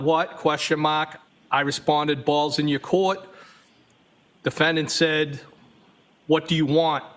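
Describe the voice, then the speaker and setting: Slightly high and a bit bright, this man's voice reads text messages evenly as he testifies at a trial, pronouncing the punctuation marks as he goes.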